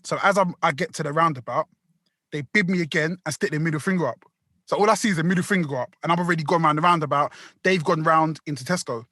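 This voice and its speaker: A man with a high, bright voice, rambling through a story full of slang and swearing. The sound is close and dry. It is casual podcast storytelling. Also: quick pace, no echo. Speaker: podcast co-host.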